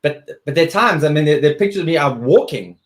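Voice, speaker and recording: A man's voice: a little high, animated, fast talker. A man, a guest athlete telling his story earnestly in an interview, often restarting his sentences.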